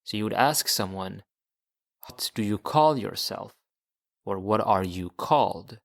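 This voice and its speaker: Slow, patient male language teacher. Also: fairly low pitch, animated, vocal fry. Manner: patient, repeats words for learners. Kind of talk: slow explanatory video lesson.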